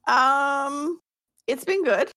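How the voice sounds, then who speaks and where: Middle-aged lady co-host, high voice, slow and giggly, teasing her friends. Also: bright, forceful tone, no echo. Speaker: podcast co-host. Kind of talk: casual podcast chat.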